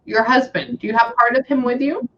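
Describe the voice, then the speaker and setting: A woman's voice: a little high, fairly even intonation, a little fast, fairly bright tone, highs cut off, a little hiss or hum. A woman working as a psychic medium, chatting casually and saying "hang on" often while she passes on messages. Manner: chatty, repeats "hang on", relays quotes. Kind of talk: casual reading session.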